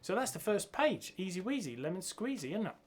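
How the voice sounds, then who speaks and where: A man teaching a bass guitar piece, counting beats and singing the rhythms aloud as he goes. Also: sing-song, brisk. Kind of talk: music lesson walkthrough. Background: bass guitar playing.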